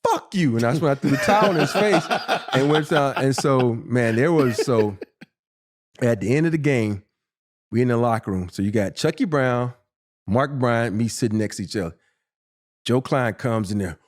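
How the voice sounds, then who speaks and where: A man in his fifties, a former basketball player and podcast guest, telling a profane, animated story and acting out what people said. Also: medium pitch, moderate pace. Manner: animated, profane, acts out quotes in a raised voice. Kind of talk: casual storytelling.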